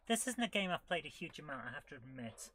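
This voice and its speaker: A woman's voice: sits low, very animated, fast, a bit bright. A woman streaming retro games, thinking aloud as she plays and reacting with amused disbelief. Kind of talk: casual live gameplay commentary.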